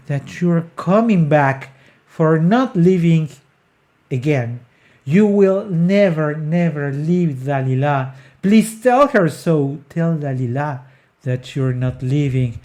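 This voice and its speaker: A singing coach walks through an aria at a slow, deliberate pace, choosing words carefully and often starting them over. Short sung syllables break up the explanation to show how a phrase should move. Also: mid-range voice, animated, dark tone. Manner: sings short demonstration syllables between explanations.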